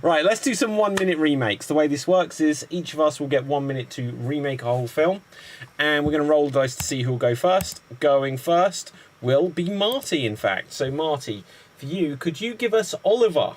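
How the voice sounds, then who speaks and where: A man hosting an online improv show, briskly setting up games. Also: fairly high pitch, animated, a little hiss or hum. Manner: brisk, playful quizmaster. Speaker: improv host.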